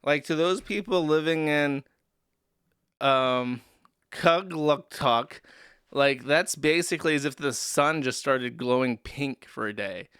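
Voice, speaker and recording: Bright, crisp-voiced streamer man. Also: fairly high pitch, slow, no room sound, studio quality. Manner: rambling, profane, sarcastic joking. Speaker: streamer host. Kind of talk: livestream commentary.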